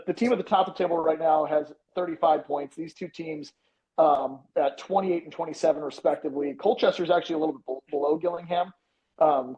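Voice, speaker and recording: A man co-hosting a casual sports gambling podcast, with a slightly high voice that comes through dull and lo-fi. He talks loosely and swears freely while explaining his picks. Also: warm tone. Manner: loose and profane, explains at length. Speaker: podcast co-host. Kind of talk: casual sports betting chat.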